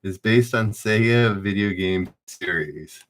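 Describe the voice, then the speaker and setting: A man's voice: lowish voice, slow pace. A man hosting a live-streamed trivia game, reading questions aloud and chatting loosely with viewers.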